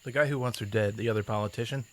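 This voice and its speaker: A man's voice: fairly low pitch, fairly even intonation, rapid-fire. A man on a podcast who asks short questions and gives brief replies. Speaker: podcast co-host asking questions.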